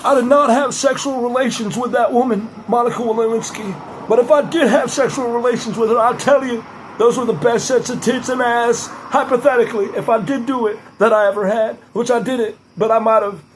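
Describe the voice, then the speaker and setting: A man's voice: very high-pitched, fairly even intonation, brisk, a little hiss or hum, low-quality recording. A man doing an impression of a sly, drawling former male president.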